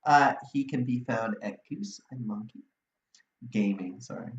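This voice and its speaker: A man's voice: lowish voice, a little slow, roomy sound, highs cut off. A man casually explaining tabletop game rules as a dungeon master, laughing often. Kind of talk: casual chat.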